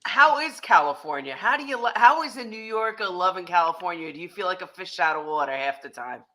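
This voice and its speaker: A woman co-hosting a talk show, chatting casually and laughing easily. Her voice is bright and moves a lot in pitch. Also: expressive, a little fast. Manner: playful, laughs often. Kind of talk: casual chat.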